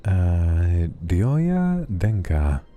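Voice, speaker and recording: A man hosting a soft late-night ASMR stream, gently reading viewers' messages aloud and answering them affectionately. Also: low-pitched, sing-song, extremely slow.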